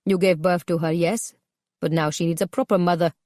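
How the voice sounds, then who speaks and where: A woman's voice: on the low side, steady tone, a little fast, a little mellow, no room sound, studio quality, lightly acted. A woman narrator voicing a cold, controlling husband who speaks in curt, menacing commands. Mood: cold, commanding.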